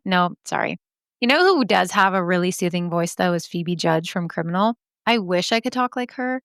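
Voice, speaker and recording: A woman's voice: on the low side, expressive, moderate pace, a bit bright, dry recording, clean studio sound. A woman hosting a podcast, chatting casually and candidly about listener stories, swearing freely and laughing at herself. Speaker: podcast host. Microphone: podcast microphone.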